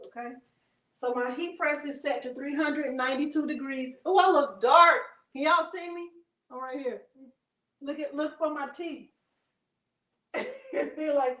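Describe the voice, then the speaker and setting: A woman's voice: high voice, measured pace, a bit bright. A woman hosting a live crafting demonstration from her home craft space, chatty, laughing often and talking straight to her viewers. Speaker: craft livestream host.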